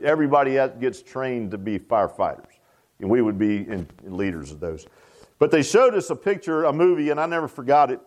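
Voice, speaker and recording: An older man preaching a sermon in a folksy, animated way, repeating phrases for emphasis. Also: mid-range voice, a little fast. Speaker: pastor.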